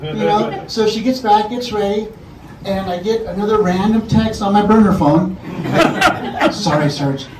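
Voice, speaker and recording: Man, roast speech, comic storytelling, laughs a lot, distant mic, loud background noise. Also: sits high, measured pace. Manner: laughing often while telling a long anecdote, acting out voices. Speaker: party guest giving a roast speech. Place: party room with a crowd. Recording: echoey party room, far from mic, loud noise.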